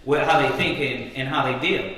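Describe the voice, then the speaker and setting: A man's voice: mid-range voice, moderate pace, bright, forceful tone. A man teaching scripture in a fiery, preachy way, firing rhetorical questions and calling on a reader. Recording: echoey hall, mic at a distance.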